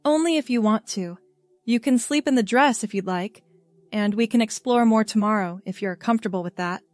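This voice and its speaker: Gentle encouraging girlfriend read by a woman, soft and tender, dry voice. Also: on the high side, a little fast, no room sound, lightly acted.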